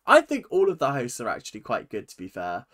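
A YouTube host giving casual, animated reaction commentary with frequent laughs and exclamations. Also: medium pitch, fast talker.

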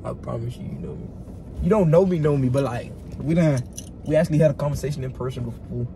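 Cocky guy teasing his date in a car, slangy, kinda high voice, lots of road noise. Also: fast talker. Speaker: blind date contestant. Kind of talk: casual banter in a car. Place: inside a car.

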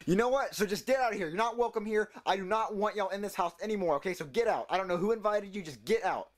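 A man's voice: high-pitched, quick pace, close to an everyday voice. A man voicing a whiny, easily upset homeowner in a puppet comedy skit. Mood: exasperated. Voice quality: whiny, exasperated.

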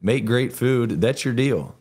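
A man's voice: medium pitch, lively intonation, slow, darkish tone, husky. A man, a contractor guest on a podcast, talking in a blunt, profane, practical way. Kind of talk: casual podcast chat.

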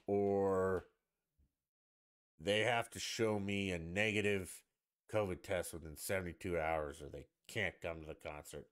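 A man with a fairly low voice rants through a solo podcast, swinging his pitch widely as he goes. He talks in a profane, sarcastic and rambling way. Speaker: podcast host. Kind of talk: ranting solo podcast monologue.

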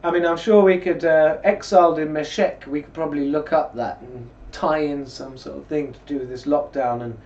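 A man with a fairly high voice gives a rambling, conversational commentary and reads scripture at a slower pace. He sits in a chair away from the microphone, and the recording sounds muffled and lo-fi. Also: a little mellow. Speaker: religious video blogger. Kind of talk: casual commentary and scripture reading. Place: indoors, seated in a chair. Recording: distant mic, dull lo-fi sound.

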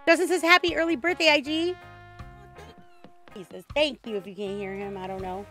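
A woman streaming a video game, chatting casually in an excitable, rambling way with frequent restarts. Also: sits high, moderate pace, faint music behind. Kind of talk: casual game livestream chat.

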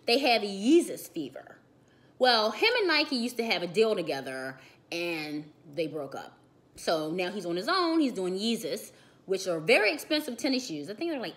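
A woman runs a quick celebrity gossip segment in a high voice. Her pitch swoops up and down constantly. She keeps stopping to add sassy, opinionated asides. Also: a bit bright. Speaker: entertainment gossip host.

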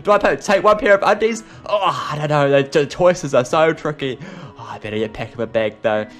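A young man, excitable and chatty, hosting an improvised game role-play. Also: a little high, brisk. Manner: excitable, chatty, lots of laughs. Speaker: video host. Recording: faint music behind.

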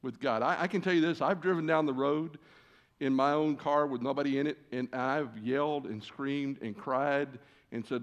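A man preaching as a guest in a church, telling a personal story with lively, acted-out dialogue. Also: medium pitch, moderate pace, highs cut off. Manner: animated, acts out quoted conversations. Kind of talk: storytelling sermon. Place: church sanctuary.

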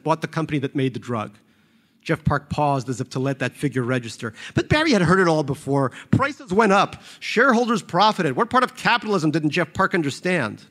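A man reads aloud from his own novel in a dry, wry storytelling manner. His voice sits slightly high for a man and moves lively up and down. He gives a measured literary reading. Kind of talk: audiobook-style literary reading.

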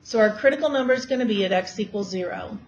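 A woman's voice: medium pitch, fast talker. A woman math teacher giving a classroom lecture and quizzing her students as she works through problems. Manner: asks students questions while working problems. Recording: dull lo-fi classroom recording, faint hiss.

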